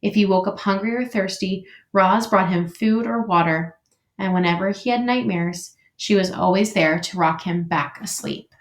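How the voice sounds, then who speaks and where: Woman reading a children's book aloud. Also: medium pitch. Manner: expressive, measured storytelling. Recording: echoey room.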